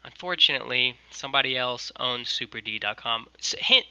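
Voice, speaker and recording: A man's voice: medium pitch, brisk, smooth, no room sound, rough recording. A young man, a guest on a video call, telling a long story in casual chat with lots of "like" fillers. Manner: animated, many "like" fillers. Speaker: guest, merch maker.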